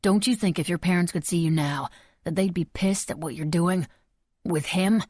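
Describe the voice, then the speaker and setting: A woman's voice: on the low side, normal speed, a little mellow, no room sound, natural voice. A woman voicing a blunt, teasing young man. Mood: pressing. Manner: casual, blunt, lightly mischievous. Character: easygoing teasing young man, old friend. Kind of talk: audiobook character voice. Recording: dry close recording.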